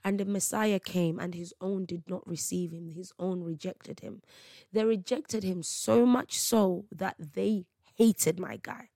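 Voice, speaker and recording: A woman hosts her faith podcast, speaking with emphasis and street slang. Her voice has a gravelly edge. The sound is dry and close, with no room around it. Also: lowish voice, measured pace, mellow, no echo. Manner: emphatic, preachy, slangy storytelling. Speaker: podcast host.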